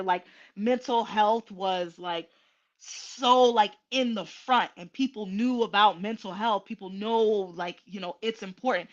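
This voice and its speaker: A woman host talking slowly and emotionally to her viewers, with many pauses, ums and restarts, near tears. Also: medium pitch, fairly bright tone, muffled recording. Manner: tearful and emotional. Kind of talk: casual heartfelt livestream talk.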